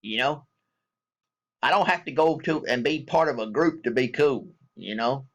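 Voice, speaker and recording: Speaking at a moderate pace in a mid-range voice, a military veteran from the American South delivers an angry vlog rant. He's blunt and swears heavily throughout.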